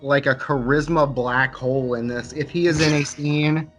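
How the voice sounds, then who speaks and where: A man's voice: mid-range voice, steady tone, normal speed, a bit bright, soft background music. A man co-hosting a casual movie review podcast, summing up the plot with wry criticism. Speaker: podcast co-host.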